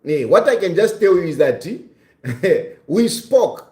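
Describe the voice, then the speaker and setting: A man's voice: on the high side, very animated, slow pace, a little mellow, reverberant. A man in his fifties hosting a live stream, talking in an earnest, reflective way and often repeating his phrases. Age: 50s. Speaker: livestream host.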